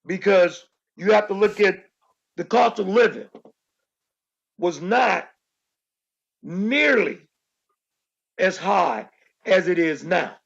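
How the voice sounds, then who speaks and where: A man with a high, gravelly, husky voice holds forth in a casual talk-show chat. He makes his points with emphasis and circles back to repeat them. The sound is dull and lo-fi. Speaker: co-host. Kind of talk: casual podcast discussion.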